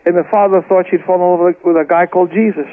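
A man's voice: high voice, steady tone, very fast. A Scottish man from Scotland, a guest preacher telling his family's testimony with fervour and frequent repeated words, heard over a phone line. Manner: fervent, repeats words while telling the story. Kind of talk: impassioned testimony storytelling.

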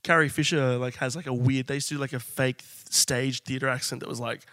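A man co-hosting a casual comedy podcast, jokey and quick to laugh. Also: mid-range voice, steady tone, sharp tone, dry recording, clean studio sound. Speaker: podcast co-host.

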